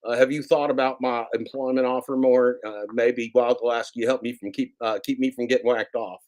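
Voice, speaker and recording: A man's voice: medium pitch, steady tone, fairly quick, darkish tone. A man hosting a casual livestream, rambling and repeating himself as he teases viewers and reads the chat. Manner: rambling, repetitive, teasing. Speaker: livestream host.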